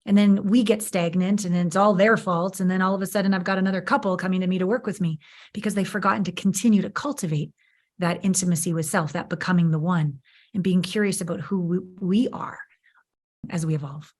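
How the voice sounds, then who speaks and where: A woman's voice: fairly low pitch, fairly quick. Frank, emphatic woman coach. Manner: frank, emphatic and expressive, swears freely. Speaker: guest, intimacy coach. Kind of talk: candid podcast interview.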